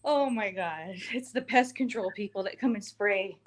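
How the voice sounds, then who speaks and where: A woman's voice: medium pitch, moderate pace, slight background noise. A woman chatting casually on a show through a phone from her home garage, out of breath, laughing a lot and mocking herself. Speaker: show co-host. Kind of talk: casual chat.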